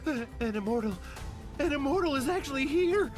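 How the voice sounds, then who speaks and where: A woman's voice: high-pitched, lively intonation, normal speed, over music, voice pushed up. A woman voicing a terrified mortal man who pleads and stammers, begging ghosts to spare him. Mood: relieved.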